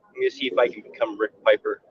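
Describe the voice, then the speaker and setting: A man's voice: lowish voice, fairly even intonation, very fast, background noise. A man joking around and teasing his friend during a live stream chat. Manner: teasing, incredulous. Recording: dull lo-fi recording.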